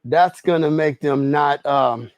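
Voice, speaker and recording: A man's voice: fairly high pitch, slow, dry recording. A man on a treadmill livestreaming, telling stories in loose slang and laughing easily. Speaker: streamer. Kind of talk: casual livestream chat. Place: home garage gym on a treadmill.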